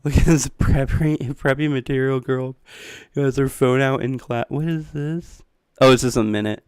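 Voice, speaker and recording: Streamer man, casual and rambling, laughing often, mid-pitched, dry close mic. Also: steady tone, normal speed, a little mellow, smooth, no echo. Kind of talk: casual live-stream chat.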